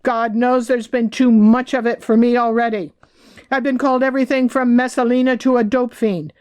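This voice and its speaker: A woman reads as a wry, candid woman looking back on hard years with rueful frankness. The voice sits a little high for a woman. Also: steady tone, moderate pace, a little mellow, smooth, close to an everyday voice.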